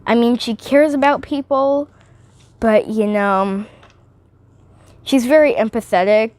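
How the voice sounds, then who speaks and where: A woman's voice: a little high, slow pace, darkish tone, dry recording. A teenage girl rambling and giggling through a casual movie review vlog, often drifting off topic.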